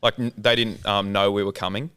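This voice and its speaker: Low, smooth Australian man, laid-back. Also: flat delivery, a little fast, bright, forceful tone. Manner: laid-back, loose, casual swearing. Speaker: filmmaker guest. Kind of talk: casual storytelling interview.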